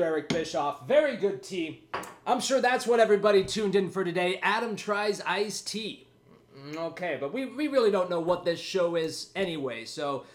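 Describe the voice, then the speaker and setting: A man with a high voice rambles through his casual solo podcast, joking about himself while short of breath.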